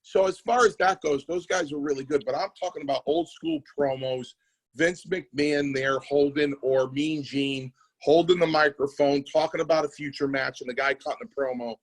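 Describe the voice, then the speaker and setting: This former wrestler turned promoter has a highish voice and talks at normal speed over poor-quality audio. Chatting casually on a podcast, he tells wrestling stories with animation and performs the voices of the people he quotes.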